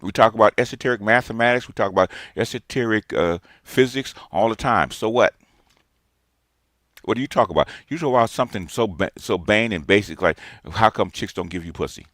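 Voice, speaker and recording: A man's voice: fairly low pitch, fairly bright tone, dry recording, studio quality. Lecturing man in his sixties. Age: 60s. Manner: emphatic, lecturing, repeats himself. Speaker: streamer. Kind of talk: ranting response monologue.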